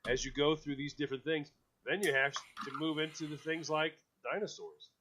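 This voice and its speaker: A man hosting a talk radio show in casual chat, animated, with stammered restarts, who mimics other people in quotes. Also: a little high, moderate pace, slight background noise. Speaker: radio host. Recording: dull lo-fi radio audio.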